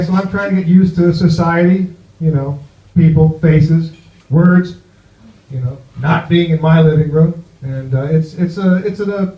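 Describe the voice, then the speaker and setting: Stand-up comic, male, slightly high voice, meandering halting delivery, echoey dull club recording. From New Jersey, USA. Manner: rambling, halting, full of "you know". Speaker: stand-up comedian. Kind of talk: stand-up set. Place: comedy club with live audience.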